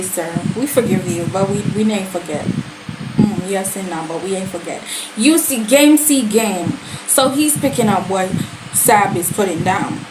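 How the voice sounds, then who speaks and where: A woman giving a casual, animated and sassy review of a series, full of slang and quoted reactions. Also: medium pitch, background noise.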